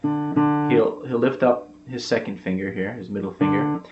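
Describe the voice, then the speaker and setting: A man talks through a guitar lesson in a relaxed, unhurried way, full of fillers as he explains each step. His voice sits at a middle pitch. The recording is dull and echoey, with loud guitar strumming throughout. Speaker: guitar teacher. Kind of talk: casual guitar tutorial.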